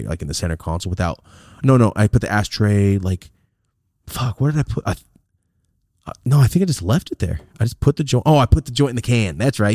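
A man's voice: lowish voice, a little mellow, no room sound, clean studio sound. A man casually telling a rambling, profane road-trip story as a podcast host.

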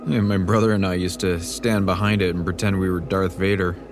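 A man's voice: low voice, flat delivery, fairly quick, background noise, close to an everyday voice. An actor playing a nosy male neighbor who barges in casually, then turns vacant and dim-witted, in an audio drama. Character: pushy male neighbor turning dazed and dim. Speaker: nosy trailer-park neighbor.

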